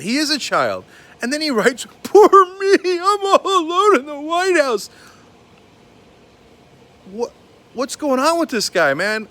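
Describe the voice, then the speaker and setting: A man's voice: sits high, pushed and bright. A man hosting a political commentary show, ranting in a heated, exasperated and sarcastic way.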